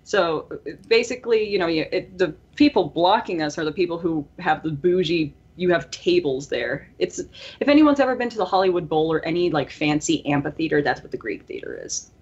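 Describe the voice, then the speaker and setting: A woman in her early twenties talks with a hoarse, raspy voice that sits low for her age. She rambles through a story on a casual podcast, full of fillers and restarts. The audio is a little muffled and lo-fi. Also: expressive, fairly quick, a little mellow. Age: early 20s. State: hoarse, strained voice. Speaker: podcast co-host.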